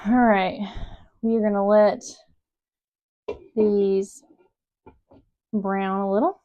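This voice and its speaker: A woman's voice: medium pitch, steady tone, drawn-out words, narrow, tinny audio. A woman in her thirties talks to the camera from her home kitchen while she cooks. She tells a hectic morning story in a rambling way, emotion close to the surface. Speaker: mom vlogger cooking at home. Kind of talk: casual chat while cooking.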